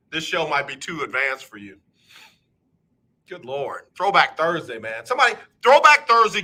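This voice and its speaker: A man hosting a live radio talk show, animated and joking as he teases his listeners. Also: on the high side. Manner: animated, joking, playful teasing. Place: radio studio.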